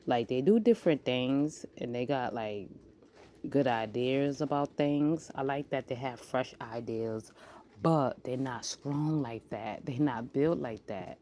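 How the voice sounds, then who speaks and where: A bass-voiced woman in her forties speaks unhurriedly in a casual vlog, with slight background noise present. The monologue rambles and jumps around between topics, and she animatedly acts out quotes as she goes.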